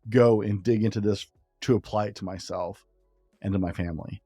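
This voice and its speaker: A low-voiced male podcast host, a relationship coach, asking his guest questions. He talks casually and circles back over his words. The sound is dry with faint music underneath. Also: fairly even intonation, a little fast, warm tone, slightly rough, no echo. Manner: conversational, searching, repeats himself. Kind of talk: interview questions.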